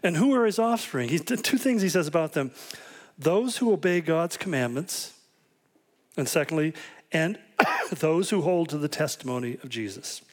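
A man's voice: fairly high pitch, animated, normal speed. A man preaching a sermon, telling stories and acting out quoted voices with animation. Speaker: pastor.

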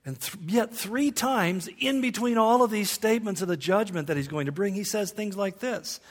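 A man's voice: sits high, moderate pace. A man preaching a sermon in a conversational way, with humorous asides and rhetorical questions.

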